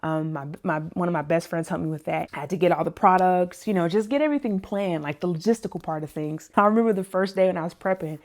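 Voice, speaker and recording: A woman in her thirties, a personal chef, casually telling a story to her viewers, animated and laughing often. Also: fast, hardly any pauses. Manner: animated, laughs often, acts out other people's lines in a higher voice. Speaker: plant-based personal chef and vlog host.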